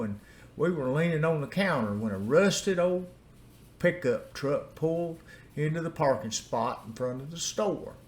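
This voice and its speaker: An older man with an Appalachian accent telling a folksy story in an unhurried, homespun way. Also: mid-range voice. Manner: folksy, drawn-out story delivery. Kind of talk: storytelling narration.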